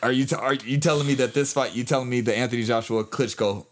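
Picture a man making his points in casual talk, leaning on repeated phrases to hammer them home. His voice sits at an ordinary pitch for a man. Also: steady tone, fast talker, a little hiss or hum. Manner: emphatic, repeats himself for stress. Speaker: podcast co-host. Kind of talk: casual sports chat.

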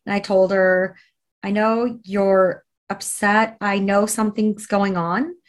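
A woman's voice: mid-range voice, little pitch movement, slow. A woman telling an emotional personal story in an interview, earnest and conversational, with fillers and restarts.

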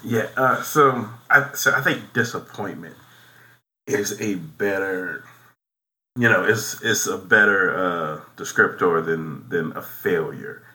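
A man co-hosting a casual movie podcast, talking things through in a halting, musing way. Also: deep voice, lively intonation, pushed and bright. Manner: halting, many fillers and restarts, musing. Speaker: podcast co-host.

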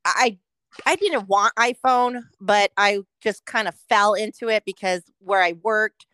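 A woman's voice: mid-range voice, measured pace, fairly bright tone, no echo. A woman co-hosting a casual podcast, ranting with heavy swearing and acting out her own reactions in quotes. She is from California. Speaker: podcast co-host. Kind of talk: casual profane chat.

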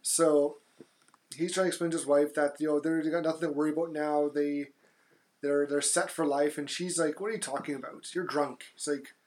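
A man's voice: fairly high pitch, flat delivery, normal speed, a little mellow, a little hiss or hum. A man co-hosting a casual movie review podcast, recapping the plot with many fillers and restarts. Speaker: podcast co-host.

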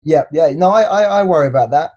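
A man in his forties from England, chatting casually as an interview guest, hesitant and repeating words, then telling lively stories. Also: fairly high pitch, quick pace, muffled recording. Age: 40s.

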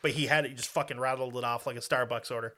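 A man's voice: mid-range voice, fairly even intonation, racing, pushed and bright, a little hiss or hum. A man from the United States telling a history story in a casual, profane, joking way with lots of fillers. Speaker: podcast host.

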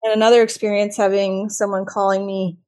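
A woman surgeon telling stories in a chatty, expressive way during an interview. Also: mid-range voice, fairly quick. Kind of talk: casual interview storytelling.

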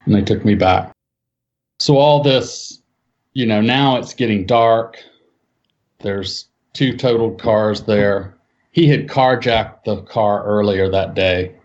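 In a muffled lo-fi recording, a man shares a personal eyewitness account in an easygoing way. He gets lively when reenacting what others said, pushing his voice higher for each quote.

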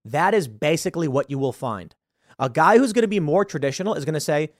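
A man's voice: a little high, lively intonation, fast, no echo, studio quality. A man hosting a commentary show, reading out a news story and mocking it with sarcastic asides. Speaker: show host.

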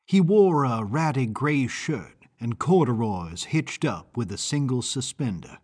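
A man reading first-person audiobook narration in a measured, deliberate way. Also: medium pitch, sing-song, a little mellow, slightly rough.

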